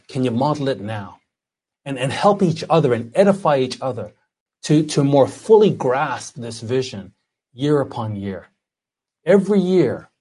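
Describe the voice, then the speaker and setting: Husky-voiced man preaching a sermon. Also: medium pitch, darkish tone. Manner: earnest preaching, reads scripture aloud slowly. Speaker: pastor.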